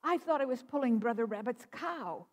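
A woman minister voicing a big, proud male whale in a storybook reading, speaking slowly and boastfully. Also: fairly high pitch, lively intonation, pitched above the performer's own voice. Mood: indignant. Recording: long reverb of a church hall.

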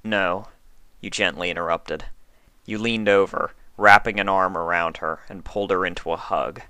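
Deep-voiced man reading a story aloud. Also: fairly even intonation, moderate pace, pushed and bright, no echo. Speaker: story reader. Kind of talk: audiobook narration.

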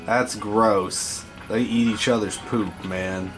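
A man's voice: on the low side, fairly even intonation, slow pace, over music. A man giving profane, scolding commentary while playing a video game. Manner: foul-mouthed, scolding the game creatures. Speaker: gameplay host.

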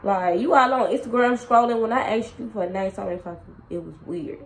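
A young woman casually telling a storytime to her viewers, animated and slangy, talking straight to them. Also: medium pitch, fairly quick, low-quality recording. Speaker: storytime vlogger.

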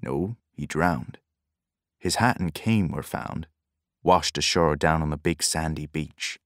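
A man voicing a tired old grey-haired fisherman who speaks in a slow, soft mutter, in an audiobook. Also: extremely low pitch, dry recording, studio quality. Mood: weary.

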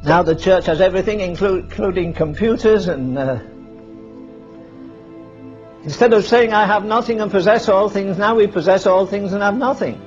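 A man's voice: high-pitched, moderate pace, a little mellow. A man preaching a sermon, firing rhetorical questions at the congregation and acting out Bible scenes in dialogue. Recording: dull lo-fi sermon recording with faint music.

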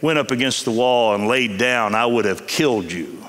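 A man preaching in a chapel, voicing God with a lowered, quiet, solemn delivery. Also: moderate pace, lightly acted. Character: God, a calm, solemn, commanding male voice. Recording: long reverb of a chapel hall.

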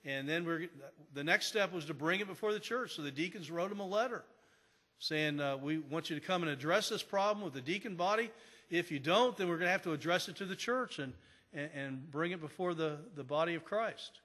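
This pastor's sermon unfolds as conversational storytelling full of restarts, delivered in a church sanctuary with long hall reverb. He speaks on the high side, fairly quickly, with a bright, forceful tone.

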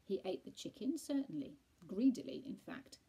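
Woman storyteller, bedtime reading, husky and mellow, soft with hushed asides. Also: medium pitch, big pitch swings, moderate pace, poor audio.

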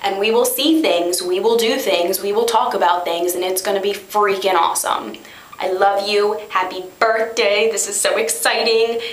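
A young woman gushing through an excitable, slightly awkward birthday message to a friend. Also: mid-range voice, normal speed, reverberant. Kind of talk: casual to-camera birthday message.

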